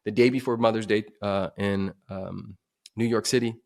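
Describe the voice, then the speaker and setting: A man on a podcast telling a dramatic personal story, swinging from emphatic to hushed. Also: fairly low pitch, fairly even intonation, normal speed, vocal fry. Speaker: podcast guest.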